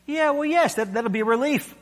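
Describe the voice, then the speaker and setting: A man's voice: very high-pitched, brisk, pitched above the performer's own voice. A preacher voicing a timid, wavering male ghost who stammers and pleads in a raised voice. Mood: wheedling. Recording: echoey hall.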